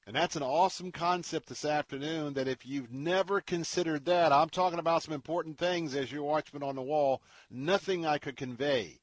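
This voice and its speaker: A man hosting a Christian radio talk show, speaking in an earnest, preacherly way and dropping to a hushed tone when he tells a story. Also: a little high, normal speed, few pauses, dry recording. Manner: earnest, preacherly, drops to a hush for stories.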